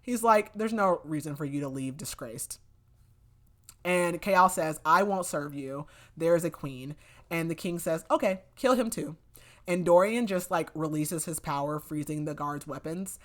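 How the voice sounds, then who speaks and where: Low-voiced woman recapping a book casually. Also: unhurried. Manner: chatty, many "like" fillers, acts out quotes loosely. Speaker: podcast host.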